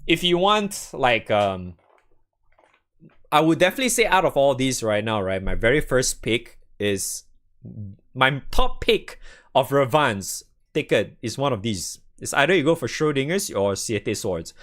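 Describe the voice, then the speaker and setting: A man's voice: mid-range voice, expressive, a little slow, a bit bright. A young man chatting casually to his stream audience about games, rambling, swearing freely and laughing often. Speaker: game streamer. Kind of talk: casual gaming stream chat.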